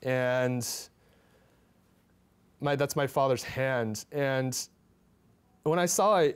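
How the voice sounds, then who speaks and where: A young man presenting his photographs in a talk, speaking in a halting, heartfelt way with many restarts and fillers. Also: medium pitch, smooth. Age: young adult.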